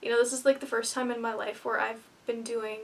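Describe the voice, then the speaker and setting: Young woman, high voice, kinda breathless and nervous, rambly vlog chat, mic sits a bit far off. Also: level tone, fairly quick. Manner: nervous, rambling, self-deprecating, with filler words. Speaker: vlogger. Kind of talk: casual vlog talk to camera.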